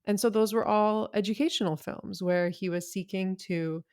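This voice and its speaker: A woman guest on a film podcast, talking casually and eagerly with quick asides. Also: medium pitch, fairly even intonation, a little mellow, clean tone.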